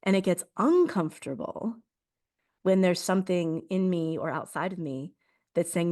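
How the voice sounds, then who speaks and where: A reflective woman talking through personal memories in a relaxed podcast chat. Her voice sits a little low and she breaks into laughter often as she speaks. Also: normal speed. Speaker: podcast host. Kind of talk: casual spiritual conversation.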